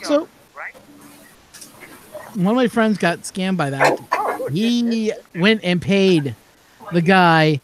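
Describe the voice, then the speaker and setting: A chatty man with a fairly high voice hosts a relaxed hangout. He tells rambling anecdotes and acts out the phone calls he describes. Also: slow, long pauses, noisy background. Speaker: channel host. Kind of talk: casual chat.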